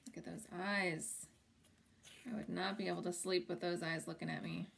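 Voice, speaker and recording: A woman reads a children's picture book aloud at home in a gentle storytelling voice. She pauses now and then to point out the pictures and ask young listeners what they think will happen. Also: lowish voice, flat delivery, vocal fry, slight background noise. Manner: gentle, stops to chat about the pictures.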